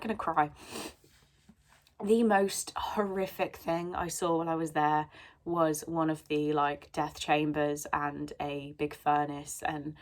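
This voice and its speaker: Chatty young woman, low voice. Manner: chatty, rambling with many ums. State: sneezy. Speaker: book vlogger. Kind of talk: casual chat.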